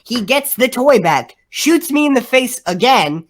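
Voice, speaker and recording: A woman's voice: fairly high pitch, very animated, measured pace. A young woman co-hosting a podcast, telling stories in casual chat and rambling with lots of "like.". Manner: rambling storyteller, frequent "like". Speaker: podcast co-host.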